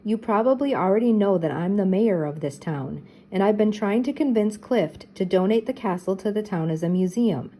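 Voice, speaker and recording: A woman voicing an eager female town mayor with a bright, keen way of speaking. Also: medium pitch, animated, normal speed, few pauses, lightly acted.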